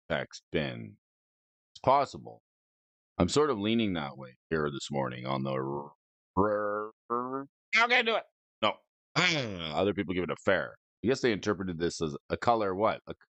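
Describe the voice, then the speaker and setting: A man's voice: on the low side, fairly bright tone, no echo. A man hosting a casual stream, rating game cards aloud with playful, goofy asides and silly wordplay. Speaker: host. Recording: dry, dull lo-fi mic.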